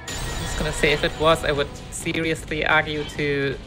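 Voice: mid-range voice, flat delivery, moderate pace. Co-commentator filling in the speedrun, middle voice, game music going.

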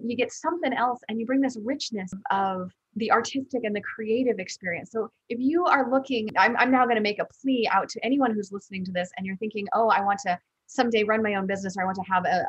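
A woman's voice: medium pitch, slightly rough, no echo. A woman hosting a podcast interview, talking in an earnest, conversational way and often repeating words as she thinks aloud. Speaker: podcast host. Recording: slightly dull lo-fi sound.

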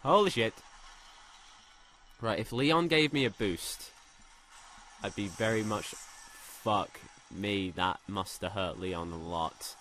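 A young man doing let's play commentary, excitable, swearing a lot and shouting when thrilled. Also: fairly low pitch, slow, long pauses, a little hiss or hum. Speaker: gaming commentator.

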